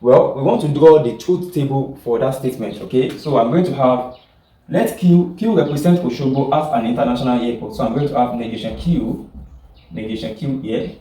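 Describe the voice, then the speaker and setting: A man's voice: mid-range voice, brisk, dark tone. A man teaching a class, often checking whether the students follow and repeating his points. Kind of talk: classroom lecture. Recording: echoey room, far from the mic.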